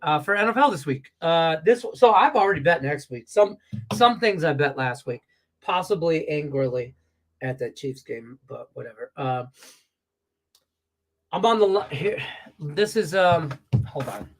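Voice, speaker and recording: Congested from stuffed sinuses, a man with a slightly high voice rants at an unhurried pace on a sports betting show in Las Vegas. His casual talk is profane, heated and animated.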